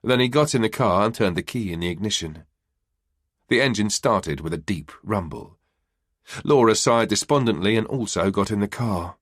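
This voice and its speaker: A man narrating a crime thriller audiobook in a measured, even way. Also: fairly low pitch, dry recording, clean studio sound. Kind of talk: scripted narration.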